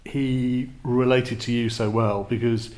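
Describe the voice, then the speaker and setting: A man's voice: mid-range voice, little pitch movement, slow, a little mellow. A man interviewing a guest on a podcast, asking curious, leading questions. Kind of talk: casual interview.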